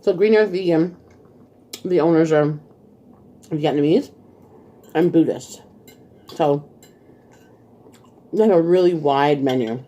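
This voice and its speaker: A woman's voice: low-pitched, takes it slowly, long pauses, dark tone, lo-fi sound. A woman hosting a casual eating vlog, chatting while she eats and laughing often. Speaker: vlog host. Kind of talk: casual mukbang chat.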